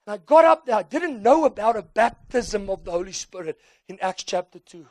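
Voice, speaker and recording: A high-voiced South African preacher who natively speaks Afrikaans moves fairly quickly through his sermon, telling stories with animation, acting out voices, and tossing in Afrikaans words. The recording is studio quality and free of echo.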